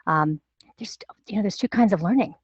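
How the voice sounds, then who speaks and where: A woman dialect coach answers webinar questions in a measured, explanatory manner, pausing on fillers as she thinks. The sound is dry and a little dull. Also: medium pitch, animated, slightly rough, no echo.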